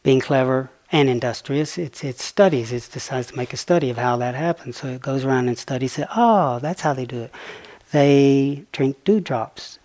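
A man giving a dharma talk at a retreat, telling stories with lively voices and dropping to a hushed whisper at key points. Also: medium pitch, normal speed. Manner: animated storyteller, soft and hushed at key points. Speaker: meditation teacher. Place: meditation retreat hall.

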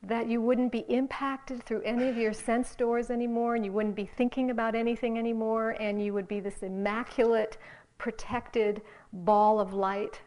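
A woman meditation teacher giving a dharma talk, gentle and halting, dropping into soft whispers on some phrases. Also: fairly high pitch, level tone. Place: meditation hall.

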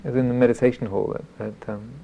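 A man, a Buddhist monk teacher, giving a dharma talk as self-deprecating storytelling, halting with many restarts. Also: mid-range voice, steady tone, gravelly, narrow, tinny audio.

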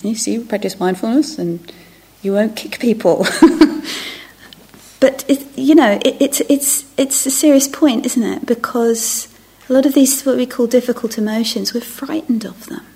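Giving a reflective dharma talk to a retreat group, a middle-aged meditation teacher speaks in a fairly high, dark-toned voice, captured in a slightly rough recording. She frequently sinks to a near-whisper and keeps interrupting herself to restart phrases.

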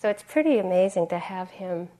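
A woman's voice: on the low side, lively intonation, brisk, warm tone. Conversational woman meditation teacher. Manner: conversational, frequent throat clearing. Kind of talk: dharma talk.

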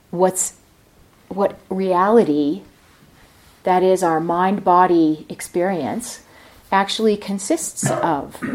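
Slow, low-voiced woman meditation teacher. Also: darkish tone. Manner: reflective, thinking aloud as she explains. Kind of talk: dharma talk at a retreat. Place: retreat center.

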